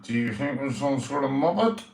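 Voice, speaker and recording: A man's voice: mid-range voice, animated, normal speed, a little mellow, lightly acted. A man voicing a cheeky, foul-mouthed male ventriloquist puppet, trading insults. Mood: indignant. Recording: roomy, from a distance.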